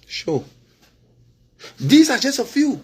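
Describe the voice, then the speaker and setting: A former candidate turned political vlogger speaks to his followers in a Liberian English accent, his voice very high with big pitch swings and a slow pace. He talks casually and with feeling, chuckling and often checking in with "you understand?"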